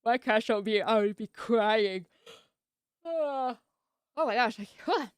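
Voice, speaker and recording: A woman's voice: on the high side, lively intonation, slow pace, clear, resonant tone, no room sound, clean studio sound. A woman streamer in casual live-stream chat, playful and jokey, laughing often and yawning sleepily.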